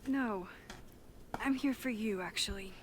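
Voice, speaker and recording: A woman's voice: mid-range voice, measured pace, a little hiss or hum, close to an everyday voice. A woman voicing an anxious, introspective young heroine. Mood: thoughtful. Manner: introspective, often whispered inner thoughts. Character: anxious young woman student with time powers.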